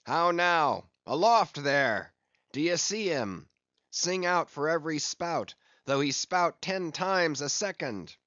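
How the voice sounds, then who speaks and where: A man playing a grim, obsessed old sea captain in a storybook reading, declaiming his lines and barking orders to his crew. He speaks at an unhurried, deliberate pace in a mid-range voice, heard close and dry with no room around him. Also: medium pitch, lively intonation, fairly bright tone, no room sound, dull audio. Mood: commanding.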